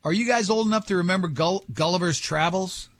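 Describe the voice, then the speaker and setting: A high-pitched man hosting a radio show, bantering with his co-hosts in a joking, rambling way that drifts into mock-grand asides. The sound is dry and close on a studio mic. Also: a little fast, fairly bright tone, no room sound.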